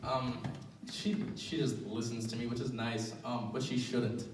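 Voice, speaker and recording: Rambling young stand-up comic, roomy venue. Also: male voice, mid-range voice, little pitch movement, unhurried, a little hiss or hum. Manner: rambling, filler-heavy, self-deprecating. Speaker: stand-up comedian. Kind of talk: stand-up comedy set. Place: small live venue. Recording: roomy venue, recorded from a distance.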